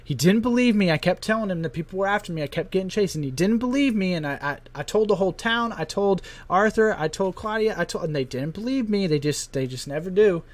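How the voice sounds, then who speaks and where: A panicked young farm boy who rants that nobody believes him, as a man puts him on. His voice is pushed high and loud, and he stumbles over repeated words. He sounds like a character in a tabletop game. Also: expressive, fast, few pauses. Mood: frantic. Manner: ranting, repeating himself. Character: panicked young male farmer's son, unheard.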